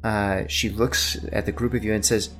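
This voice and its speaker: A man's voice: fairly low pitch, little pitch movement, normal speed, fairly bright tone, faint music behind. A man narrating a tabletop game as game master, describing scenes at length with many fillers.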